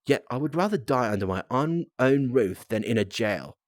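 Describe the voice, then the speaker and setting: A man's voice: mid-range voice, lively intonation, normal speed, no room sound, clean studio sound, natural voice. A man voicing a grim, dying old man with a put-on Australian accent, in a storybook reading. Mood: grave.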